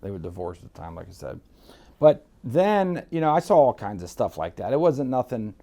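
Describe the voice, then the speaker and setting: A man's voice: mid-range voice, very animated, brisk, mellow. A man from Miami who tells casual stories as a guest, bluntly and with swearing, acting out the voices of others. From Miami, United States. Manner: blunt, swears freely, acts out quotes. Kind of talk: casual storytelling.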